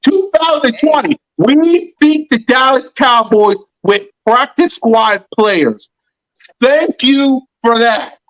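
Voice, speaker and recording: A man's voice: very high-pitched, animated, takes it slowly, fairly bright tone, low-quality recording. A man rants about football on a podcast. He hammers his points again and again, fired up and blunt. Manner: fired-up, repetitive ranting. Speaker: podcast host. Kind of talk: heated sports podcast rant.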